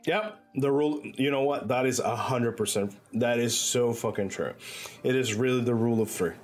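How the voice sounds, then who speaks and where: Faint music plays behind a game streamer chatting casually with his viewers. He curses freely and rambles through lots of restarts and filler words, in a mid-range voice at a moderate pace.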